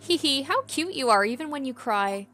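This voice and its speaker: A woman's voice: sits high, expressive, moderate pace, sharp tone, a little hiss or hum, pitched above the performer's own voice. Woman doing a giggling sadistic young captor. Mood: gloating. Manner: taunting, sing-song giggling.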